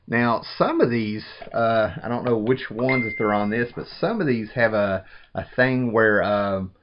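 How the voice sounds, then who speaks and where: A man's voice: lowish voice, unhurried, a little hiss or hum. A man in his thirties chatting casually while unboxing, rambling with enthusiasm and often saying "man". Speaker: vlogger unboxing a package. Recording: dull lo-fi home recording.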